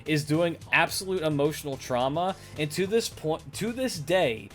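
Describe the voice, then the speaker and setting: A man's voice: on the high side, expressive, moderate pace, faint music behind. A man telling a story on a live stream, swearing, laughing and restarting his sentences. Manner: profane, laughing, rambling with restarts.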